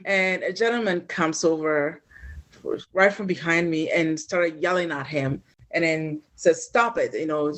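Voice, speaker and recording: Woman, slightly low voice, animated, emotional storyteller, interview guest. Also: unhurried. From Ghana. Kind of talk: personal storytelling.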